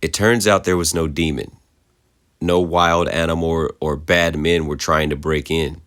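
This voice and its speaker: A man narrating a creepypasta horror story in a measured, somber way. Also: rumbling low, fairly even intonation, a bit bright.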